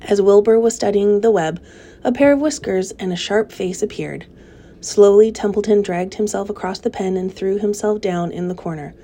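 A woman reading a children's novel aloud in a gentle, steady storytelling manner. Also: medium pitch, normal speed. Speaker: narrator.

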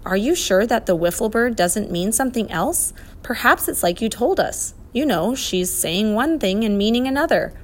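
A woman reading the lines of a curious, eager young girl in a storybook, pitched higher than her narration. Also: animated, normal speed, few pauses.

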